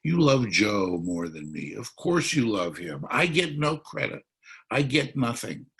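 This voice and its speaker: A man's voice: lowish voice, sing-song, unhurried, fairly bright tone, slightly rough, exaggerated voice. A man voicing a whiny little boy who complains that he gets no credit. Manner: whining, self-pitying.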